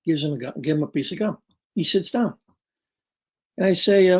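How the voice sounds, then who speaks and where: A man in his sixties, a regular guest on a chat show, spins a childhood anecdote. He acts out every quote with shifting voices. The delivery is loose and conversational, in a middle-pitched voice. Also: a little fast, breathy edge. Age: 60s. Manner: animated storyteller acting out quotes. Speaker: weekly guest. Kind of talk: casual storytelling.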